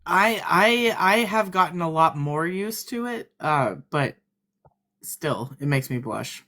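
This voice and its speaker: A man's voice: fairly high pitch, animated, slow pace, pushed and bright. A man chatting casually with a co-host and the stream's viewers. He laughs easily, trails off and starts his sentences over as he talks. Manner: laughs often, trails off and restarts. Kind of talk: casual live-stream chat.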